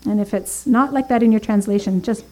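A woman's voice: medium pitch, a little fast, a little mellow, rough recording. A woman teaching a Bible study, earnest, reading scripture aloud with emphasis and thinking aloud with small fillers and restarts.

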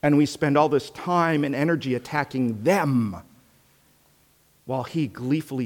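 A man preaching a sermon with earnest rhetorical questions, swinging between loud emphasis and hushed tones. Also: medium pitch, measured pace, big-room sound.

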